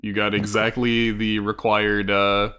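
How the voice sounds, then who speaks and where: A man's voice: lowish voice, monotone, unhurried, pushed and bright, clear, resonant tone. A man narrating and ruling as game master in a casual tabletop game, often repeating himself.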